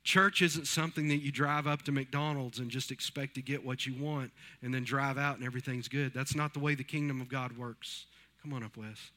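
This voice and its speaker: Speaking briskly in a bright, forceful, mid-range voice with fairly even intonation, a fifty-something pastor preaches in a church sanctuary. He keeps it conversational, weaving in stories and voicing what others said.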